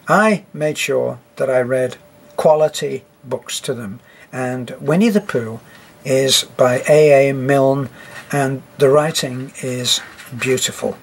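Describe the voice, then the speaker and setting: Older man, narration teacher, slow unhurried delivery, wry asides. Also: medium pitch, husky. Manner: slow, reflective storyteller with asides and wry jokes. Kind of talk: talk on narrating for children.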